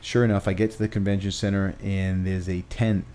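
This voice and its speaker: A man's voice: sits low, flat delivery, brisk, mellow. A man, a trainer and gym owner, telling a long story in conversation, with restarts and acted quotes.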